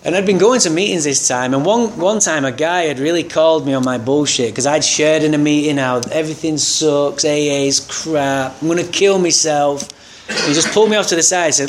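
A man's voice: on the high side, a little fast, slight background noise. A man telling a candid, wry personal story about his recovery, acting out the people in it. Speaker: speaker sharing a recovery story.

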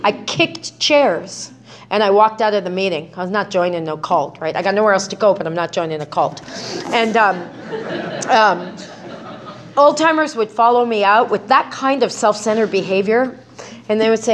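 A woman's voice: medium pitch, moderate pace. A middle-aged woman sharing her recovery story in a personal testimony talk, speaking conversationally with many "right?" tags and restarts.

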